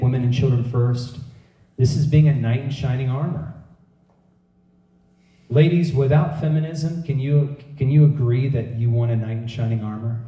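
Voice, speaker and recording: A middle-aged man delivering a sermon, jumping into quoted voices as he tells stories. His tone is deep and mellow. The sound carries room echo and is picked up from some distance. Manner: animated storytelling preacher acting out quotes. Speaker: preacher. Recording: echoey room heard from a distance.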